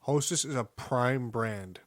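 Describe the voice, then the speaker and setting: A man chatting on a casual podcast in a dry, matter-of-fact way. The recording is close and dry, with no room sound, and his voice sits at an average pitch. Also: takes it slowly, no echo. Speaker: podcast co-host. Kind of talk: casual chat among friends.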